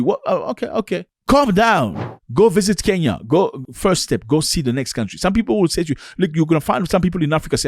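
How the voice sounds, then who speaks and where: A man's voice: a little high, sing-song, a little fast, a little mellow, no room sound, studio quality. Emphatic, preachy man vlogging. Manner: emphatic and preachy, acts out quoted voices. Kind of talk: opinionated monologue to camera.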